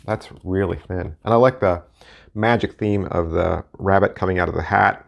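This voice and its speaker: A man with a low, gravelly voice chats loosely as he looks over playing cards. He thinks aloud, trails off and corrects himself as he goes. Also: moderate pace, lo-fi sound. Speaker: deck collector and reviewer. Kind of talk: casual talk while looking through playing cards.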